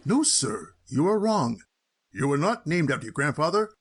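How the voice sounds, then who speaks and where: A man's voice: on the high side, sing-song, normal speed, slightly rough. A man voicing a stuffy, pompous male lawyer who reads a will in a formal, mock-polite way. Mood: solemn. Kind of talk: cartoon voice acting.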